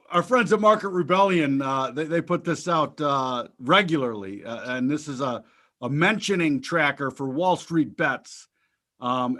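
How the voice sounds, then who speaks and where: A man's voice: fairly high pitch, pushed and bright. A man co-hosting a markets talk show, chatting casually in a blunt, profane, joking way.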